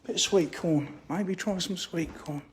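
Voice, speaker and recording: Outdoors by a fishing lake, an English-accented fishery owner chats casually on a live stream against a noisy background. His voice sits high and he speaks unhurriedly, rambling and interrupting himself.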